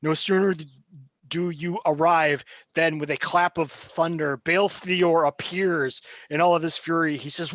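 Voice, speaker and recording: A man running a tabletop role-playing game as game master, narrating briskly and cheering players on. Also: on the high side, fairly even intonation, fairly bright tone, no echo. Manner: brisk, encouraging, laughs easily.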